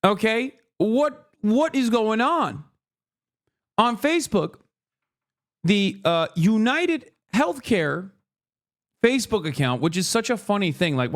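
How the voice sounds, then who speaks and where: A man live streaming, reacting to the news in an animated, profane, sarcastic rant with mocking impressions. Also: high-pitched. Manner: mocking impressions of other people.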